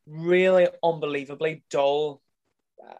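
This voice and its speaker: A man's voice: a little high, steady tone, a little slow, a little mellow, muffled recording. A man in casual conversation, bluntly and profanely ranting as he reviews a film. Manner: blunt, sweary, exasperated ranting.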